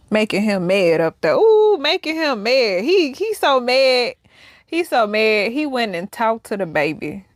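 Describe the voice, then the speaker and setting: A young adult woman giving casual reaction commentary, animated and slangy, swinging between soft musing and loud outbursts. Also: on the high side, moderate pace, dry recording, clean studio sound. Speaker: reaction vlogger.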